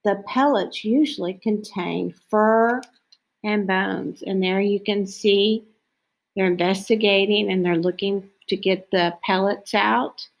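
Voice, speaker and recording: A woman reading a picture book about owls aloud as a lesson, slow and clear, now and then mimicking owl calls. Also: medium pitch, steady tone, low-quality recording. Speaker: teacher reading to children.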